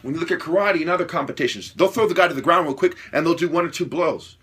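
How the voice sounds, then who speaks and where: A man delivering an opinionated monologue, lecturing with repeated rhetorical questions and swearing, growing louder and higher as he gets worked up. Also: fast talker, husky. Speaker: self-styled martial artist ranting to camera.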